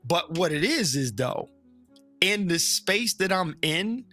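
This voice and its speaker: A man's voice: high voice, sing-song, bright, forceful tone, faint music behind. A man who is a Baptist preacher, talking frankly and animatedly as a guest, joking and acting out other people's voices. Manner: frank and joking, drops into slow emphatic phrasing. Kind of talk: casual opinionated chat.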